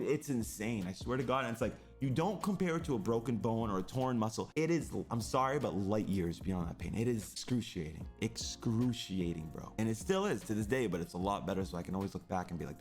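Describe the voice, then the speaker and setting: A young man talks fast and on edge, his words tumbling out as he rambles through a story with plenty of cursing. His voice sits a little low, and soft music plays faintly underneath. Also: lively intonation. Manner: rambling, intense, swears often. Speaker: streamer. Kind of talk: emotional personal story.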